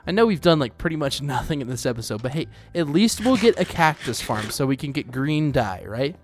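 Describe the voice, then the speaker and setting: A man's voice: fairly high pitch, very animated, brisk. A man hosting a let's play, rambling casually as he plays, with lots of fillers. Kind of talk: casual gameplay commentary.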